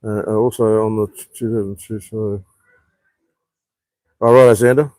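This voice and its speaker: Swearing, rambling man, low voice. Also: steady tone, unhurried, a little mellow, no room sound. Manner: rambling, swears freely, reads viewer comments aloud. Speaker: live streamer. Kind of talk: casual live stream chat. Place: outdoor rooftop bar on an island.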